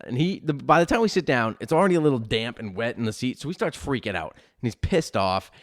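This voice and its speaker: A man hosts a casual podcast and tells a long story, swearing freely and rambling from one aside to the next. His voice sits at an ordinary middle pitch, and he talks in an easygoing, unscripted way. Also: animated, quick pace. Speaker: podcast host. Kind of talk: casual chat.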